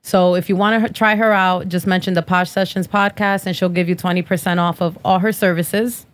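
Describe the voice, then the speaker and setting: A woman's voice: on the low side, steady tone, a little fast. A woman in her thirties hosting a podcast, talking bluntly and profanely in casual chat and sponsor reads. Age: 30s. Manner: blunt, profane, sassy trash talk. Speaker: podcast host.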